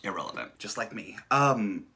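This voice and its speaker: A man hosting a music video reaction channel, chatting casually and excitably, laughing often. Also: lowish voice, moderate pace, creaky.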